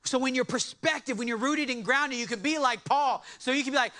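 A man preaching a sermon in an animated way, with joking asides to his congregation. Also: extremely high pitch, brisk, hardly any pauses. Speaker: pastor.

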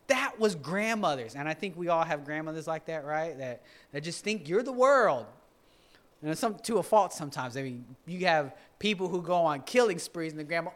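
A man's voice: on the high side, lively intonation, a little fast, fairly bright tone. A male pastor preaching in a loose, joking way, often restarting his sentences. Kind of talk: conversational sermon.

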